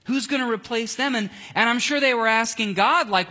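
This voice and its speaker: A man leading a casual Bible study, animated and jokey, acting out scenes as he reads. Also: extremely high pitch, brisk, few pauses.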